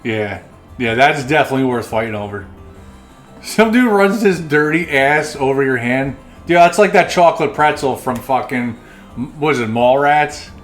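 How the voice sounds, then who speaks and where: A man's voice: medium pitch, animated, moderate pace. Laughing, cursing podcast host man. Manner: laughs often, swears freely. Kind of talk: casual crude chat. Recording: faint music behind. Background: faint music.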